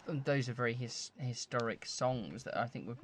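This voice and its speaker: A man's voice: medium pitch, normal speed, slight background noise. Easygoing man from Cambridge, a guest. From Cambridge, England. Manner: easygoing, with hedges like I mean. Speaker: guest co-host.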